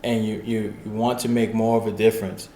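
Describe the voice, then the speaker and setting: A podcast host asks follow-ups in a loose, chatty way, cheering the guest on with quick reactions. The voice is mid-pitched. The recording has a noticeably roomy echo around it. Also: a little hiss or hum. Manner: encouraging, backchannels, excited follow-ups. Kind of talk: casual interview chat.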